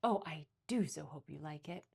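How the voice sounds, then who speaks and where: Lady reading as a shy little-voiced woman, soft and unsure. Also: deep voice, moderate pace, vocal fry, breathy edge, full character voice. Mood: timid. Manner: soft, tiny, hesitant. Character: timid quiet woman with a tiny voice.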